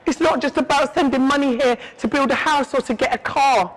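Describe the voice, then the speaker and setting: A woman's voice: sits high, fairly quick, rough recording. A woman from England giving heartfelt, emphatic interview answers and often checking in with "yeah?". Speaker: interview guest.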